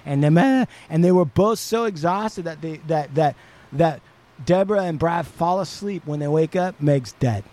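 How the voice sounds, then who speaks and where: A man hosting a podcast, retelling a story in a casual, profane, animated way. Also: fairly high pitch, normal speed. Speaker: podcast host.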